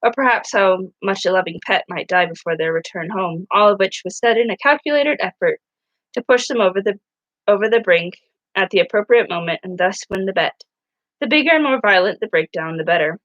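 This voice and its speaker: Woman reader, mid-pitched, casual storybook narration with slips and restarts, dry close mic. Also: expressive, brisk, a bit bright, dry recording, lo-fi sound. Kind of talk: reading a novel aloud.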